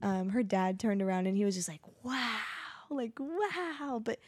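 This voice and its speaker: This podcast co-host is a mother chatting casually from home while her children are close by. Her mid-range voice has a steady, dark tone and a quick pace; she rambles, uses many fillers, and laughs a lot. There's no room sound.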